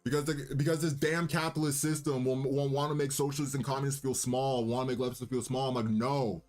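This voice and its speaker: A man's voice: mid-range voice, steady tone, a little fast, darkish tone. Young male streamer, casual cocky banter, rambling, faint music behind. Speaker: livestream host and musician. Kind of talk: casual livestream chat.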